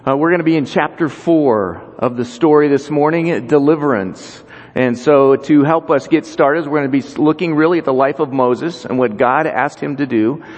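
A pastor giving a calm, conversational sermon to his congregation. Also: on the high side, moderate pace, in a large hall.

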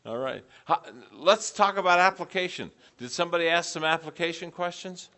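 A man's voice: a little high, fairly quick, bright, forceful tone. A middle-aged man teaching a preaching class, putting questions to the group and repeating back their answers.

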